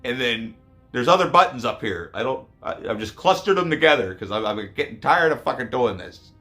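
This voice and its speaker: Profane rambling man, lively swings. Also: mid-range voice, a little fast, soft background music. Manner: profane, rambling, swings between loud rants and mumbles. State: hoarse. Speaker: YouTube collector vlogger. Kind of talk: casual profane vlog.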